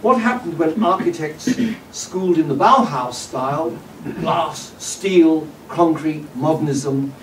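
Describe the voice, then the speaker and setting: Man lecturing in a roomy hall. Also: a little high. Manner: measured and discursive, with frequent "uh" and "um" and wry asides. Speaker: guest lecturer. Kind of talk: public lecture. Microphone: distant room mic. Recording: roomy hall audio from a distance with faint background noise.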